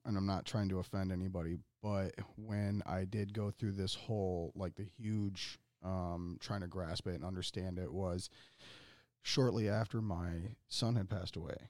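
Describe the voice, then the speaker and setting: A man, a podcast guest who talks in an earnest, halting way full of ums. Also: deep voice, fairly even intonation, a little mellow, dry recording, studio quality. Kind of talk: casual podcast chat.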